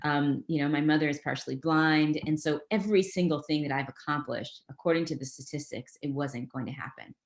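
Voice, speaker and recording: Low-voiced motivational woman coaching online. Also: fairly quick, few pauses, roomy sound. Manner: energetic, motivational, goes off on tangents. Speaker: presenter of a career master class. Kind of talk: webinar talk.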